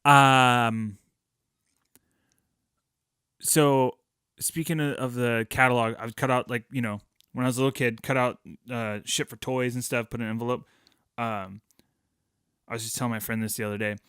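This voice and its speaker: A man's voice: medium pitch, steady tone, normal speed, long pauses, fairly bright tone, clear, resonant tone, no echo, clean studio sound. A man hosting a podcast, telling a rambling, profane childhood story with self-mocking jokes. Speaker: podcast host.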